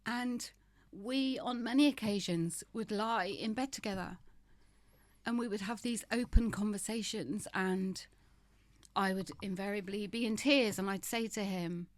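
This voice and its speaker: A woman's voice: medium pitch, measured pace, no room sound. A woman in her fifties, a podcast guest, talking frankly and often laughing as she moves between humor and grief. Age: 50s. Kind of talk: candid conversational interview.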